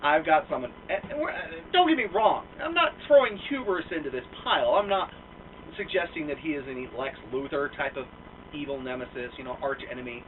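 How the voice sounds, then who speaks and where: A man's voice: a little high, big pitch swings, a little fast, far from the mic, a little hiss or hum. A young American man telling a rambling, profane story in a casual, self-mocking way, with lots of fillers. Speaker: vlogger. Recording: tinny lo-fi sound from off mic.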